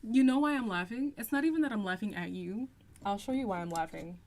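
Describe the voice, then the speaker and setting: A young woman hosting a casual livestream, chatting and reading out viewer comments, laughing often and stretching out some phrases slowly. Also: medium pitch, expressive, darkish tone. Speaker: livestream host reacting to reality TV.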